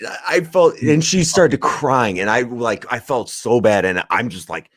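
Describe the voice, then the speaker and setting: A man co-hosting a podcast, telling a story in a lively, profane way. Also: mid-range voice, unhurried, no room sound, clean studio sound. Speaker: podcast co-host.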